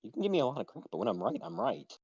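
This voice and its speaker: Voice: mid-range voice, very animated, racing, a little mellow, breathy edge, highs cut off. A performer voicing a naive young man who lived underground, talking in an indignant, innocent way. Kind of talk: role-play stream.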